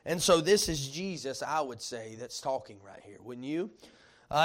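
A man preaching a sermon, reading scripture slowly and stopping to ask the congregation questions in conversational asides. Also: medium pitch, lively intonation. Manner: reads scripture slowly and deliberately.

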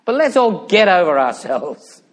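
Animated preacher man, wide-ranging high voice. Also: measured pace. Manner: animated, swings from loud emphatic peaks to hushed low asides; addresses listeners directly with rhetorical questions. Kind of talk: sermon.

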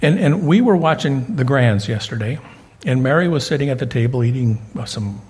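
A man's voice: medium pitch, animated, fairly quick, a little mellow, slightly rough. An older man preaching a sermon as pastor, telling folksy stories and often repeating words as he goes.

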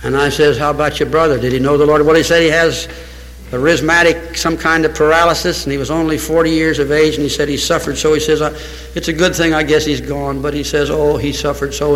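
Male pastor, fervent sermon delivery, bright tense voice, slightly raised pitch, long hall reverb. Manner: fervent storytelling preacher, acts out dialogue. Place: church sanctuary.

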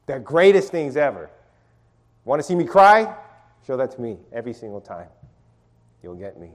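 A man's voice: medium pitch, very animated, moderate pace. A middle-aged man leading an informal sermon and Bible study, calling on listeners to read verses aloud and talking with many restarts.

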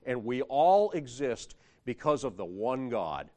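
A man delivers a sermon in an animated way, his pitch swinging widely as he drives home each point. He reads scripture aloud and builds to stressed phrases before dropping back down. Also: a little slow. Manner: animated preaching with rising emphasis, reading scripture aloud. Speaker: preacher.

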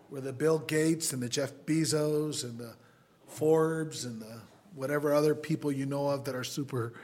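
A man preaching a sermon as pastor, pleading with his listeners and swinging between loud appeals and quiet asides. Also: mid-range voice. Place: church sanctuary.

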